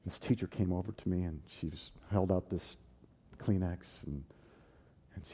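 A man preaching and telling his own story, swinging from loud, animated bursts to hushed, tender tones. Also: low-pitched, moderate pace, slightly rough. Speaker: preacher giving a personal testimony. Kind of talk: sermon storytelling.

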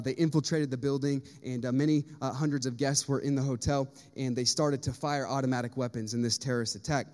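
A man's voice: a little high, darkish tone. A man preaching a sermon to his church, earnest and rising to emphatic, repeated appeals. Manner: earnest, building to emphatic peaks with repeated phrases. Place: church sanctuary. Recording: long reverb of a church hall.

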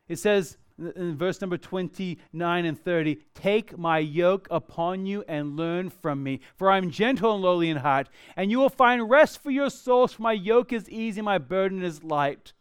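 A pastor, a man in his thirties, preaching a sermon with animated swings between loud exclamations and soft, hushed asides. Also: high-pitched, clear, resonant tone, dry recording, clean studio sound.

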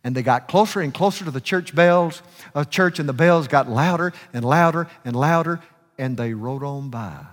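This guest preacher's voice is a little high, and he moves at a moderate pace. Preaching fervently in a church sanctuary, he tells a story while his voice swells and drops for emphasis, and the hall's reverberation is audible.

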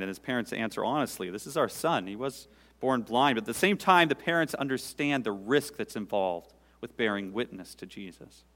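A male pastor preaching a sermon, swelling loud and high for emphasis, then dropping to quiet, intimate asides. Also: lively intonation, fairly quick. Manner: dynamic preaching, sudden rises in pitch and volume, dropping to quiet asides. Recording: long hall reverb.

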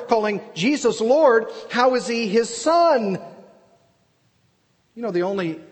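A man's voice: sits high, long reverb tail. A man preaching an expository sermon, earnest and emphatic, asking and answering his own questions. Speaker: pastor.

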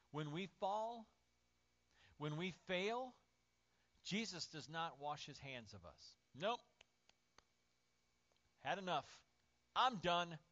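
A male pastor preaching a lively sermon, swinging from loud, acted-out outbursts to near-whispers. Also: on the high side. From Indiana, USA. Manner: animated, acts out voices and swings from shouting to near-whisper. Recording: dull lo-fi sermon audio.

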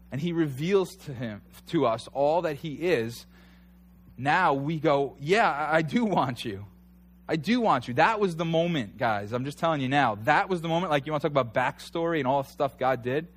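A man in his thirties preaching a conversational sermon, telling stories with animated energy and rising to near shouts at times. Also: on the high side. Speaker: pastor.

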